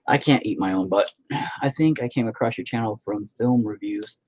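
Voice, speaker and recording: A man's voice: on the low side, brisk, darkish tone, husky. A man in his forties chatting casually on a live stream, rambling, profane and sarcastic. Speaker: live-stream host and musician.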